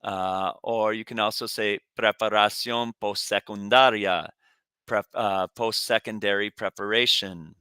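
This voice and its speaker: A man teaching Spanish, reading vocabulary slowly in a lowish voice so students can repeat after him. His tone is bright and smooth, recorded close in a dry room. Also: fairly even intonation, no room sound. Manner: pronounces words for students to repeat. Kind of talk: recorded classroom lesson.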